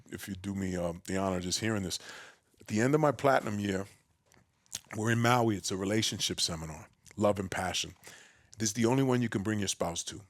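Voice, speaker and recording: A man from the Bronx with a New York accent, a podcast guest telling his story in a big, loud, boisterous way. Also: no echo. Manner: acts out quoted voices with a raised pitch. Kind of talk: casual storytelling conversation.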